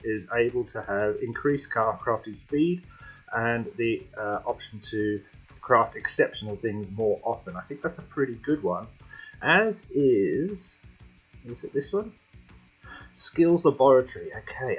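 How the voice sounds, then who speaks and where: Playing through a game, this channel host chats casually to himself and the game at a measured pace. His mid-range voice is animated and slightly rough, captured on a slightly dull lo-fi home mic as faint music plays in the background.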